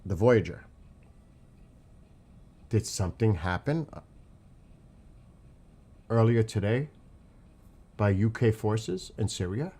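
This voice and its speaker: This livestream host from New York City, New York accent and all, talks over flight tracks while keeping up with chat, rambling excitedly and tossing out questions. He speaks slowly in a lowish, slightly breathy voice and pauses often.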